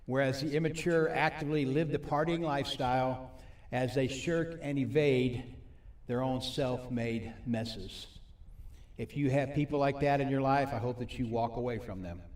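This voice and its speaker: A man preaching at a recovery ministry meeting, putting questions to his audience and reading scripture slowly. His voice sits at a middle pitch. It rings through an echoey hall and is picked up from some distance. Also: darkish tone. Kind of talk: sermon.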